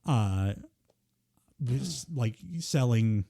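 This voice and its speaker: A man's voice: mid-range voice, lively intonation, drawn-out words, gravelly, mellow. A man co-hosting a podcast, talking casually in a rambling way with many fillers. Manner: rambling, filler-heavy, laughs between lines. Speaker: podcast co-host. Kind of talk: casual chat.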